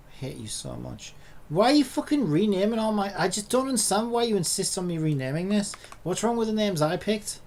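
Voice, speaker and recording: A man narrates his coding in a casual vlog, swinging from low muttering to sharp outbursts. He swears freely and rants at his tools with a gravelly, fry-laden voice. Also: lively intonation, quick pace. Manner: exasperated, swearing, ranting at the screen. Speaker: hobby programmer.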